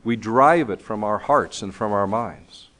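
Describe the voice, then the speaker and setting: A man's voice: on the low side, unhurried, fairly bright tone. A man preaching a sermon in an earnest, emphatic way, reading scripture aloud, his voice still recovering from being lost.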